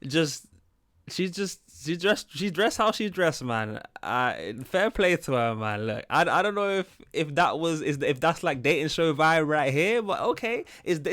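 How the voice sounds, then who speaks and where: Animated young British man reacting. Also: on the high side. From Britain. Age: 20s. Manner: animated, incredulous, laughing. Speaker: reaction video host. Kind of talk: casual reaction commentary.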